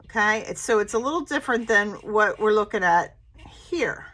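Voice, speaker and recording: A woman teaching young children in a remote preschool lesson and reading a picture book aloud in a gentle teacher voice. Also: mid-range voice. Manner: slow, lively, sing-song teacher voice for little kids.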